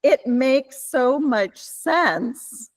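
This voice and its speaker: A woman's voice: sits high, expressive, extremely slow. A woman attending a webinar, asking questions in a chatty, self-deprecating way. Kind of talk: casual question and chat.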